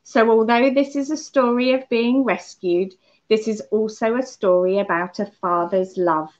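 A woman leading a children's holiday club, telling a story and talking gently to the kids. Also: fairly high pitch, moderate pace. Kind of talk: children's talk on a Bible lesson. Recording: muffled lo-fi church recording.

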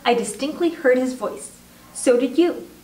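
A shrill, bossy mother who hisses and shrieks in fright, as a woman reading aloud puts her on. The voice runs high. It is heard from a distance in an echoey room. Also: a little slow, darkish tone. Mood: panicky. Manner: shrill, hissing.

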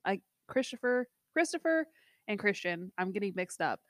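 A woman's voice: medium pitch, sing-song, normal speed, no echo, studio quality. A woman co-hosting a movie review show, chatting casually and rambling with many restarts. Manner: rambling, hesitant, full of restarts. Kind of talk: casual chat.

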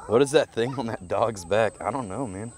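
A man's voice: on the low side, normal speed, slight background noise. A man live-streaming from an outdoor petting zoo, talking nonstop with crude, joking banter into a handheld mic. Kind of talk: casual live-stream commentary.

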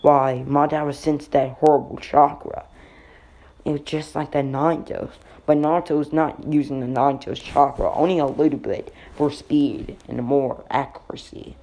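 A man narrating an improvised fan-fiction story in a halting, rambling way with slips. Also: mid-range voice, fairly even intonation, dark tone.

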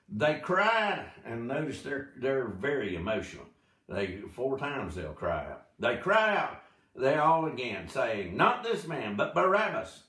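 A man teaching a Bible study, reading scripture aloud slowly and dramatically, with short explanatory asides. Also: mid-range voice. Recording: echoey room, mic at a distance.

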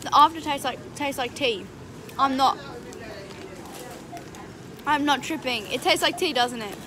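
A woman's voice: high-pitched, slight background noise. A young woman with an Australian accent, chatting casually and giggly for her vlog. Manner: relaxed, giggly, drawn-out. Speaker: vlogger, cheerleader.

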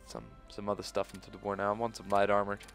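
A man's voice: fairly low pitch, completely flat delivery, quick pace, creaky, fairly bright tone, soft background music. A man giving casual let's-play commentary, thinking aloud in a loose, profane way. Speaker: gaming video host.

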